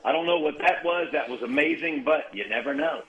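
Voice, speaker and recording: A man's voice: a little high, brisk, lo-fi sound, a crowd in the background. A man from Mississippi, a singer-songwriter telling folksy stories as a phoned-in radio guest. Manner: warm, storytelling, folksy.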